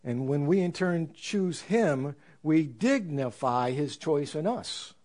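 A man preaching a sermon in an earnest, reflective way, slowing down to stress scripture. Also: fairly high pitch, animated, darkish tone. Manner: earnest, reflective, with slow emphatic scripture quotes.

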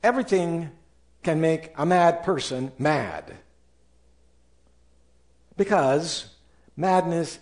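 Man, pastor, sermon, slow deliberate delivery, lively swooping pitch. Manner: preaching with animated rises and quoted voices.

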